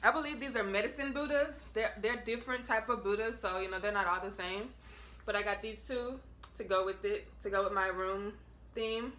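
A woman's voice: medium pitch, fairly even intonation, moderate pace, fairly bright tone, a little hiss or hum. A woman vlogging a casual try-on haul from her bedroom, chatting in a slangy, offhand way to her viewers.

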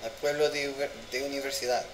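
A man's voice: mid-range voice, little pitch movement, very fast. Young-sounding guy for a casual vlog, rambles and sounds words out aloud, echoey room with light hum. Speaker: vlogger. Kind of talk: casual language-learning vlog.

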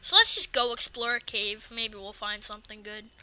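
A woman giving casual let's-play commentary, excitable and talking back to the game's enemies. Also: mid-range voice, normal speed, slight background noise. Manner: excitable, swears and talks to the game enemies. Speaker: gaming video creator.

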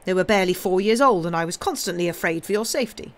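A woman's voice: fairly low pitch, lively intonation, fast, voice pushed up, lightly acted. A woman reading aloud, voicing a flustered middle-aged male banker who stammers and placates.

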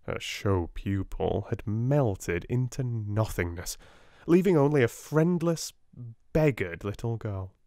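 A man with a British accent reading a classic novel aloud in a gentle, soft-spoken audiobook style. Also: lowish voice, lively intonation, takes it slowly, no room sound, clean studio sound. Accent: British English. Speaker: audiobook reader.

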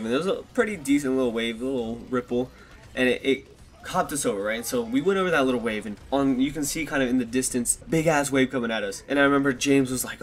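A vlogger in his twenties tells his viewers a story casually, rambling, swearing often and laughing at himself. He speaks at a quick pace with a medium-pitched voice, recorded on a desktop USB microphone.

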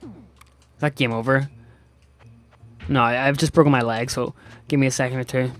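A young man giving sarcastic, excitable let's-play commentary to his viewers. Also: medium pitch, normal speed, faint music behind. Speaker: gaming YouTuber.

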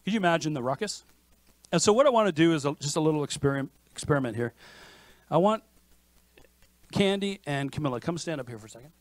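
A man preaching a sermon as pastor, in a lively conversational manner with frequent restarts. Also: fairly high pitch, fast, pauses often, no echo. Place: church sanctuary.

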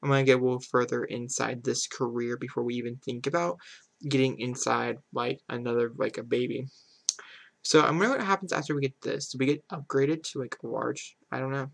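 A chatty man narrating a game playthrough with a gravelly edge of vocal fry. He talks casually and is full of fillers, swinging between excitement and exasperated grumbling. His voice sits at an ordinary middle pitch. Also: fairly quick. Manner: heavy filler "like", "super duper". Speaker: gaming channel host. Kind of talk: casual let's-play commentary.

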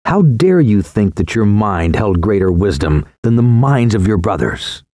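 A man's voice: mid-range voice, darkish tone, dry recording, clean studio sound. A man voicing a stern male council elder, cold and condemning, in a scripted storybook reading.

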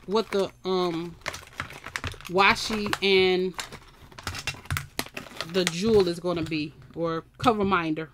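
A woman's voice: lowish voice, fairly even intonation, slow, pauses often, noisy background. A woman with chatting casually to viewers while unboxing a crafting kit. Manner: chatty, talks to viewers and camera. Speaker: crafting vlogger.

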